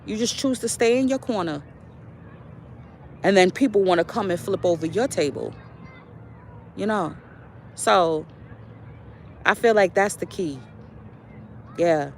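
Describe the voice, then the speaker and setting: A woman's voice: lowish voice, lively intonation, measured pace, long pauses, a little hiss or hum. A young adult woman, a spiritual vlogger, telling a story in a casual monologue with lots of fillers and preachy asides while out on a walk.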